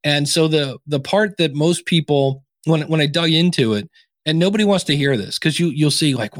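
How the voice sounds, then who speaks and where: A man talks casually as a guest on a podcast, animated and bouncing from one anecdote to the next while he acts out the other voices. His voice sits a little on the high side. The recording is dry and close, with no room sound. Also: normal speed, no room sound. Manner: animated storyteller acting out quoted exchanges. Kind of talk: casual interview talk.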